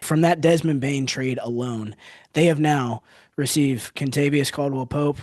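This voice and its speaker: A young man hosting a casual sports podcast, giving animated, quick analysis of trades. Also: medium pitch, no room sound, studio quality. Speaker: podcast host.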